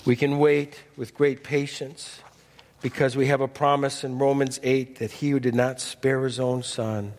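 A man preaching a sermon as pastor, folksy and animated, dropping from loud emphasis to hushed intensity. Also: medium pitch, measured pace, long reverb tail. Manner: folksy, humorous asides.

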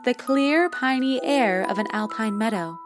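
A woman reading a first-person short story aloud in a gentle, expressive way, voicing an adult narrator. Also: on the high side, unhurried, music in the background. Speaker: story reader.

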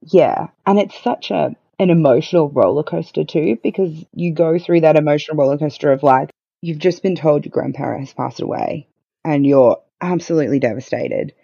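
A woman's voice: deep voice, normal speed, vocal fry, mellow, husky, dry recording. A woman guest on a podcast, telling her own story in a candid, matter-of-fact way with a wry edge. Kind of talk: casual conversational storytelling. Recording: dull lo-fi dry sound.

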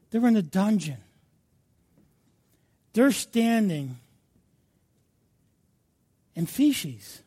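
Male pastor, very high voice, slow and fervent sermon delivery, from hushed to loud. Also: breathy edge. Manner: impassioned preaching that swings between hushed and loud.

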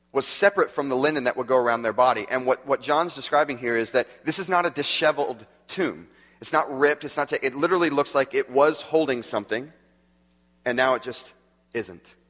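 Chatty guy preaching a sermon, laughs a lot, long echo in a big hall. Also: mid-range voice. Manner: conversational, animated, laughs often. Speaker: pastor.

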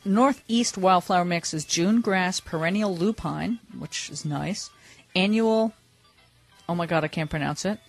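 A woman's voice: fairly low pitch, a little slow, faint music behind. A woman hosting a radio show, chatting casually and laughing easily while reading out product details.

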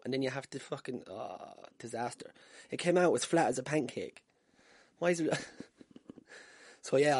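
A man's voice: mid-range voice, a little mellow, dry recording, studio quality. An Irish man hosting a casual solo podcast from home, telling stories with swearing and self-deprecating humour. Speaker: podcast host. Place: room at home. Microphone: wired podcast mic.

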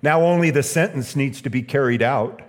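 An earnest male pastor delivers a sermon, moving between storytelling and emphatic repeated lines. His voice sits at an ordinary middle pitch, and a long reverb trails each phrase as though he is speaking in a large hall. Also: moderate pace.

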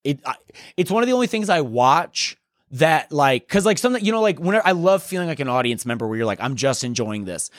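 A man's voice: a little high, dry recording. Young guy podcasting solo, rambly and sweary, gets hyped, dry close mic sound. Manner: rambling, profane, excitable. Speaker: podcast host. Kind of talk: casual solo podcast chat.

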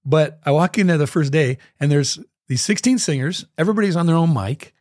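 A man guesting on an interview, telling a story with lively energy and scatting out the rhythms he describes. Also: fairly high pitch, fairly quick, no room sound, studio quality. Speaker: guest musician.

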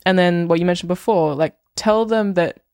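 A woman's voice: lowish voice, normal speed, a little mellow, dry recording. A young woman co-hosting a podcast, chatting casually in a dry, teasing way. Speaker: podcast co-host.

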